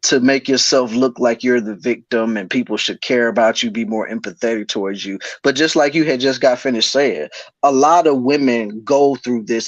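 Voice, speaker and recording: A man's voice: medium pitch, no echo. Blunt, mocking man co-hosting a podcast. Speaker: podcast co-host. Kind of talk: casual commentary chat.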